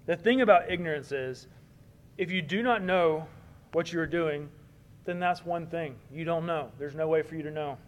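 Earnest preaching man, slightly high voice. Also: moderate pace. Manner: earnest, building emphasis then softening. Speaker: pastor. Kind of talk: sermon.

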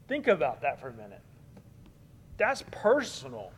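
A man preaching a sermon in an earnest way, building emphasis on key points and then softening. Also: on the high side, huge pitch swings, normal speed, long pauses, slightly rough. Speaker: pastor.

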